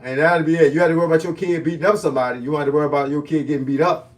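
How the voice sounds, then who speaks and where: A man's voice: on the high side, fairly even intonation, very fast, recorded from a distance. Plain-spoken man in his fifties. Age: 50s. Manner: casual, folksy, plain-spoken slang. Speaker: fitness and boxing coach. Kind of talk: live-stream Q&A with viewers.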